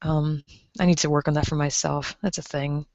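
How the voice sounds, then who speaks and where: A woman in her twenties with a fairly low voice rambles through a casual livestream, packing her talk with fillers as she reads chat messages aloud. Her voice comes through a dull, lo-fi microphone in a dry, close-miked room. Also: flat delivery, moderate pace, a little mellow, no room sound. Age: 20s. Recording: dull lo-fi stream mic.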